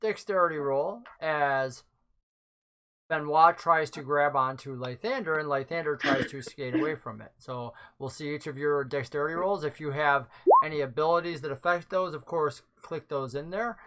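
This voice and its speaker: A game master narrating a tabletop game in a relaxed way, with frequent filler words. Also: medium pitch, normal speed, crowd noise.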